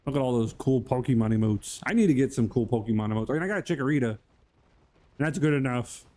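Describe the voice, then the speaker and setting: A man's voice: mid-range voice, fast, dark tone. A man streaming live and hosting his channel, chatting casually in a rambling, goofy way and greeting viewers by name.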